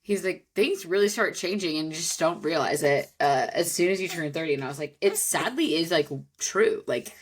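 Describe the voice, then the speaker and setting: A woman's voice: low voice, moderate pace, few pauses, husky. A young adult woman hosting a podcast, chatting casually with easygoing, dry banter. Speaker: podcast host. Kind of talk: casual chat.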